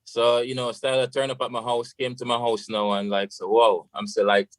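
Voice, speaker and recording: A man's voice: mid-range voice, flat delivery, normal speed, no room sound, rough recording. A Jamaican man, a radio guest, tells a long story in a loose, casual way, slipping into patois and saying "you know" often. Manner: rambling, full of "you know" and patois phrases.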